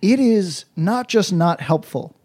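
A man's voice: high-pitched, lively intonation, slow, slightly rough. A man co-hosting a comedy podcast, swearing constantly and riffing in loose, rambling rants. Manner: profane, riffing, swings into mock-patois shouts. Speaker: podcast co-host. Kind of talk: crude comedic podcast banter.

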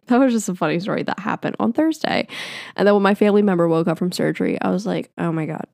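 A woman's voice: medium pitch, expressive, fast, gravelly, darkish tone, no room sound, studio quality. A young woman telling a personal story in a casual, chatty way, full of "like" and the odd swear word. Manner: chatty, filler-heavy with lots of "like", casual swearing.

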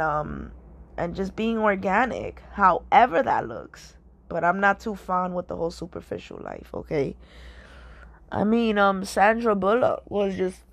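A woman's voice: lowish voice, vocal fry, no echo. Woman vlogger, emphatic casual monologue, repetitive check-ins, dry mic. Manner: emphatic, repetitive, keeps asking if listeners understand.

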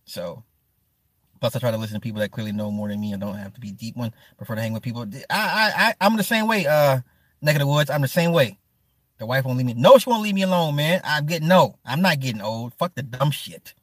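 A man hosting a livestream who chats casually with his viewers, animated and profane, laughing often and answering them by name. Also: mid-range voice, quick pace, no room sound, clean studio sound. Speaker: livestream host. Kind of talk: casual stream chat.

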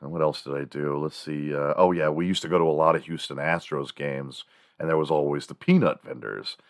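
A man's voice: a bass voice, steady tone, brisk, no echo, studio quality. A man in his forties, from Texas, hosting a morning show and telling rambling, profane childhood stories with laughs of his own. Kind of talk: casual comedic storytelling.

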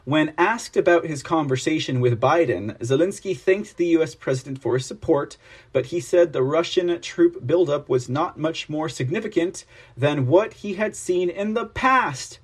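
Guy reading the news out loud, kinda high voice, keeps cutting in with snarky emphatic comments. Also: moderate pace, husky. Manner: sarcastic asides, emphatic. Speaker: host.

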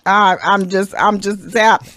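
A woman's voice: medium pitch, little pitch movement, measured pace, a bit bright, dry recording. A woman hosting a podcast in a studio, teasing her co-host bluntly and sounding exasperated, often calling on the Lord. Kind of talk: casual banter.

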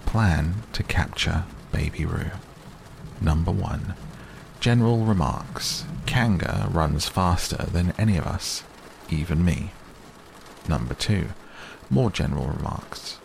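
A man voicing a bossy, self-important male rabbit who talks in a brisk, officious way. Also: low voice, gravelly, a little hiss or hum, heavily acted. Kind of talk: storybook reading.

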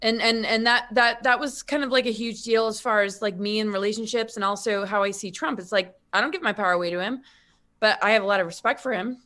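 A woman's voice: mid-range voice, fairly even intonation, quick pace, pushed and bright. A woman guest in casual spiritual conversation, rambling with many restarts and filler words.

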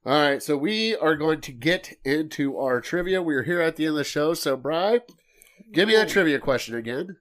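A man's voice: a little high, animated, normal speed. A middle-aged man hosting a casual sports talk show, laughing often and acting out stories. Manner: laughs often, acts out quotes. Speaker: podcast host.

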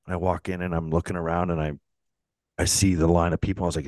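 A man's voice: low-pitched, steady tone, fast talker, darkish tone, dry recording. A man on a podcast casually telling a rambling anecdote, restarting his sentences and chuckling as he goes. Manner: rambling, self-interrupting storyteller who chuckles often.

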